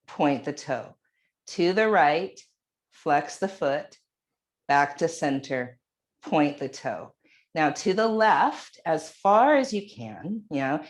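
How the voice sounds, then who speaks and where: Slow, low-voiced woman guiding yoga. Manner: calm, unhurried cueing. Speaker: yoga instructor. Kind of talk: guided exercise instruction.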